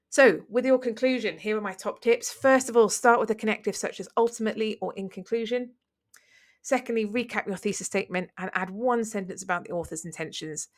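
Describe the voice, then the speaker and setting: A woman's voice: mid-range voice, a bit bright. A woman teaching an exam revision lesson, explaining step by step in an encouraging way. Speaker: English teacher.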